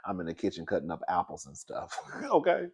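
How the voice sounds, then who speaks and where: Brief: male vlogger, chatty storyteller, lively swooping pitch, laughs a lot. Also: brisk, husky. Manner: animated, laughs often, keeps calling listeners "girl". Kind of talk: casual storytime monologue.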